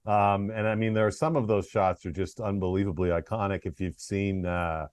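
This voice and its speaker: A man's voice: deep voice, steady tone, moderate pace, darkish tone, no echo. A man hosting a podcast, chatting casually and reacting with enthusiasm. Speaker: podcast host. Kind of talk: casual chat.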